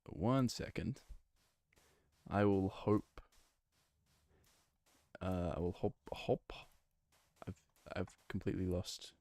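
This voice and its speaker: A New Zealand game streamer with a local accent chats casually as he plays and reads chat, rambling playfully and thinking aloud with plenty of fillers. His low, gravelly voice comes through with no echo.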